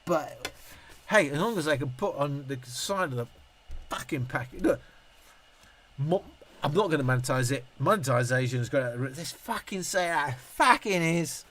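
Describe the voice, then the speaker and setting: A man's voice: fairly high pitch, expressive, normal speed, fairly bright tone, slight background noise. Tipsy, sweary man rambling. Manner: rambling, sweary, laughing often. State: tipsy from drinking. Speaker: YouTube reviewer on a live stream. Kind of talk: casual live-stream chat, answering viewer comments.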